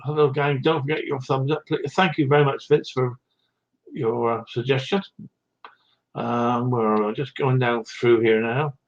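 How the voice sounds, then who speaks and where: A man with a mid-range voice and fairly even intonation speaks a little slowly, on dull audio. As a livestream host he chats casually, reading live comments and greeting viewers by name with little chuckles, somewhat short of breath.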